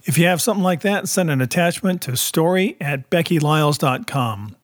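A man's voice: fairly high pitch, animated, fairly quick, no echo, clean studio sound. A man co-hosting a story podcast, giving a friendly, joking introduction. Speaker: podcast co-host. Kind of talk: casual show introduction.

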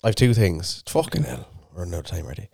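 A man's voice: sits low, sing-song, fast, vocal fry, a little mellow, breathy edge, no room sound. A man, co-hosting a podcast and telling a long sweary story in casual chat. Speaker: podcast co-host.

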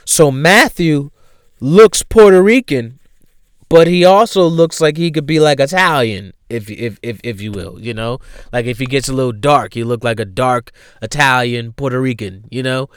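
A man telling a funny personal story in a casual, animated way, laughing often and using slang and swearing. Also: medium pitch, normal speed, clean tone, dry recording, studio quality.

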